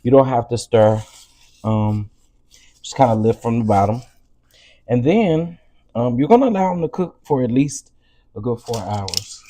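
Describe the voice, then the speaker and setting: A man's voice: medium pitch, a little slow, long pauses, warm tone. A man with a Southern American accent hosting a casual cooking stream from his home kitchen, chatty and calling viewers "baby" and "y'all". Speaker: cooking show host.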